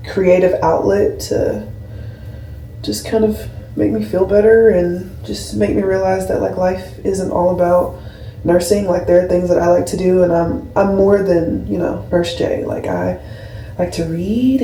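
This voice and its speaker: A young woman and nurse talks to her camera in a casual, rambling, heartfelt way, leaning on "like" as she goes. Her voice is mellow and soft-edged. It sounds roomy and a little distant, picked up by a camera sitting on a shelf. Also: medium pitch, gravelly, a little hiss or hum. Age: 20s. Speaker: labor and delivery nurse, vlogger. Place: home room, camera on a skincare shelf. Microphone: camera mic at a distance.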